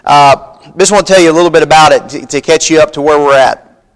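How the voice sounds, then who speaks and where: High-voiced preacher man. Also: fast talker. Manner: folksy preaching, reads scripture aloud, rising emphasis. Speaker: pastor. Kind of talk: sermon. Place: church sanctuary.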